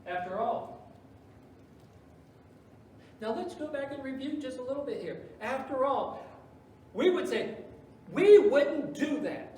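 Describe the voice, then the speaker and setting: A man preaching a sermon as pastor, swinging between loud emphasis and hushed asides. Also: extremely high pitch, lively intonation, measured pace, pauses often, heavy reverb, far from the mic, slight background noise, poor audio. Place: church sanctuary.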